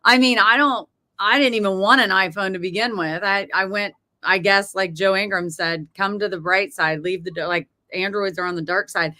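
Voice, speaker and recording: A middle-aged woman hosting a live chat show over a video call, an animated storyteller with folksy exclamations. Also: medium pitch, moderate pace, hardly any pauses. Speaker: host. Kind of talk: casual live-stream chat.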